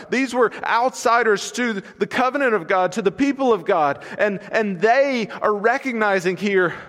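High-voiced preacher in a reverberant hall. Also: male voice, a bit bright. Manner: conversational storytelling with acted asides. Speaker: pastor. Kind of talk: expository sermon. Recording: long reverb in a large hall.

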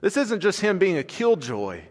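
Man preaching, high-pitched voice, conversational storytelling, long hall reverb in a church. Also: big pitch swings, moderate pace. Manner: conversational storytelling with acted asides. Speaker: pastor. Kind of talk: expository sermon.

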